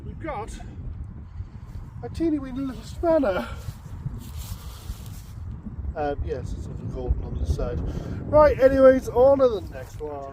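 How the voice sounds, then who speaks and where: A man's voice: high voice, huge pitch swings, unhurried, long pauses, noisy background. A man chatting upbeat to viewers while he works outdoors in a field. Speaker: metal detecting vlogger. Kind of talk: casual outdoor vlog commentary.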